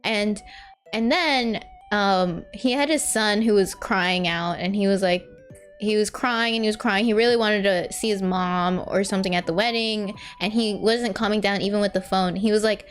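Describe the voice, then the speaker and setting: A woman's voice: medium pitch, normal speed, faint music behind. A young woman VTuber chatting casually on a live stream while she draws, rambling, laughing often and answering her chat.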